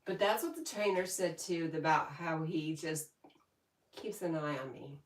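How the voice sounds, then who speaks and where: A woman's voice: low voice, unhurried. A woman hosting a casual livestream from home, chatting and reading viewer comments aloud with frequent laughs. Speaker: livestream host. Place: home, indoors. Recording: echoey room, voice from a distance.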